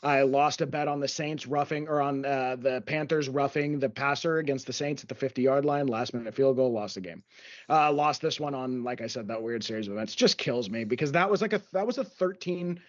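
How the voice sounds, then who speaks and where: A man's voice: mid-range voice, brisk. Rambling man on dull lo-fi audio. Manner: rambling storyteller, enthusiastic. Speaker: podcast co-host. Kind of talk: casual sports betting chat.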